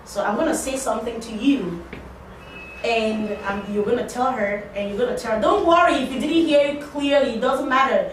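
A woman's voice: on the high side, moderate pace, slight background noise. A woman ESL teacher training a small group of teaching assistants in a casual, playful way, acting out little dialogues. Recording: very echoey room, voice from a distance.

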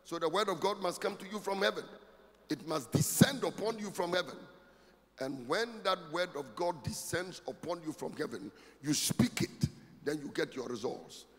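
A man's voice: fairly high pitch, lively intonation, normal speed. Emphatic preaching man in a reverberant church. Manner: emphatic preaching, swelling to shouts with sing-song cadences. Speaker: pastor. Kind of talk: sermon. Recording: long hall reverb, faint music.

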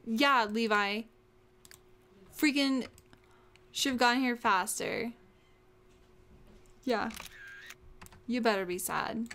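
A young woman hosts a let's play and talks over her gameplay at a computer mic. Her voice sits high, and her delivery is unhurried. She gasps and exclaims often as things happen in the game. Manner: excitable, gasping and exclaiming often. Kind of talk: casual gameplay commentary.

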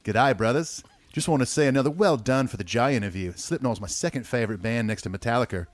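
A man's voice: mid-range voice, fast, no echo, lightly acted. A man putting on an exaggerated Australian accent to read a listener email, drifting toward Cockney. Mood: playful.

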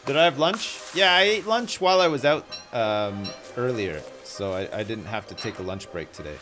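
A man's voice: mid-range voice, animated, moderate pace, music in the background. A man streaming a survival game live, chatting to his viewers in a joking, self-mocking way and swearing freely. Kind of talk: live gameplay chat.

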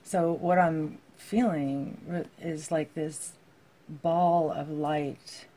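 A woman giving a heartfelt tarot reading to her viewers, reading card texts aloud and musing softly with many fillers. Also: low voice, fairly even intonation, extremely slow. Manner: soft-spoken, heartfelt, with frequent fillers. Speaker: tarot reader.

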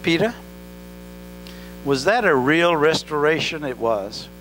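A man's voice: fairly high pitch, very animated, slow, fairly bright tone, poor audio. A male pastor preaching an earnest sermon, telling a story with rising and falling emphasis. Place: church. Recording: church recording with electrical hum.

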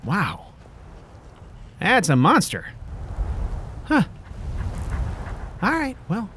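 A man's voice: a little high, huge pitch swings, very slow, pauses often, very noisy. A man role-playing a character in a video game, chatting in a jokey way and talking to his companion dog. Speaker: role-play gamer.

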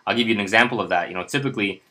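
Man, lowish pitch, bright forceful tone, casual finance tutorial, chatty, lots of fillers. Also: rapid-fire. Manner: chatty, many fillers and restarts. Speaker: personal finance instructor. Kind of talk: casual screen-share tutorial.

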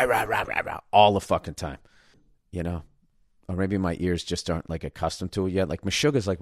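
This podcast host has a low-pitched voice and delivers a loose, comic monologue, cursing freely and breaking into abrupt mocking impressions. The sound is clean studio quality with no echo.

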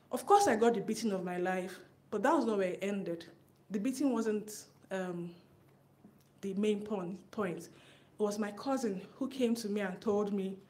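A woman shares her testimony in front of a church congregation. Her delivery is earnest and conversational, with quick asides. Her voice sits at a middle pitch and rises when she recalls tense moments. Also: a little mellow. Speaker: church member giving testimony. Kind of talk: personal testimony at a church service.

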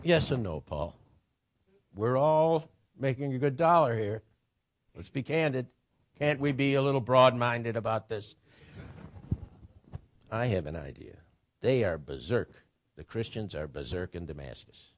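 A man's voice: mid-range voice, lively intonation, a little slow, pauses often, pitched above the performer's own voice, close to an everyday voice. A man putting on the voice of a cynical, worldly priest who talks like a crime boss, sly and profane.

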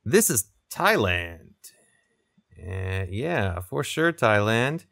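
A young man talks through his game in an unhurried, easygoing way, his pitch rising and falling a lot as he reacts. He sits close to a desk microphone in a dry room with no echo. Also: creaky. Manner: relaxed, chatty, laughs often. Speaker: gaming video creator. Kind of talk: casual gameplay commentary.

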